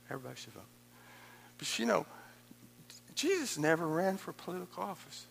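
A man preaching a sermon as pastor, animated and conversational, acting out quoted voices with chuckles. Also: fairly high pitch, gravelly, slight background noise. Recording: echoey hall with long reverb.

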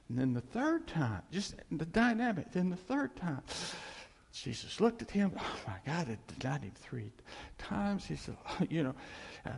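A man's voice: a little high, big pitch swings, normal speed, vocal fry, slightly rough, in a large hall. A man giving informal Bible teaching in a conversational way, acting out the scenes he describes and often laughing.

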